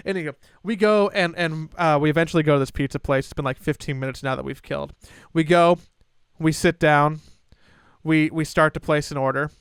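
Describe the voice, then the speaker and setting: A young man co-hosting a podcast, telling a story in a casual, animated way and acting out his family members' lines. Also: a little high, brisk, clear, resonant tone, no echo, clean studio sound. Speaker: podcast co-host.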